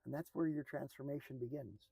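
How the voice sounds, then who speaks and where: A man's voice: mid-range voice, fairly even intonation, brisk, vocal fry, breathy edge, no room sound, faint music behind, rough recording. Earnest man giving a motivational talk. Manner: earnest, repetitive, drops to a soft hush for emphasis. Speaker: motivational speaker.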